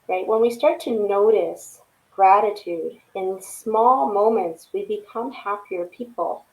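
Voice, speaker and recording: A woman's voice: medium pitch, slow pace, a little mellow, poor audio. Earnest woman guest on a podcast. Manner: earnest, reflective, frequent "right?" tags. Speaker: guest, poet and author. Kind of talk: casual interview chat.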